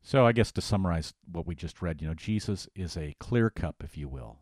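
A man co-hosting a conversational Bible study, animated, acting out voices for emphasis. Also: low-pitched, brisk, no echo, clean studio sound.

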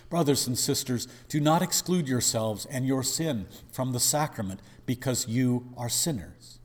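A male pastor delivers a sermon with emphatic, dramatic rhetoric. His voice is husky and mid-pitched. Long church reverb trails after each phrase. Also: expressive, a little slow, few pauses.

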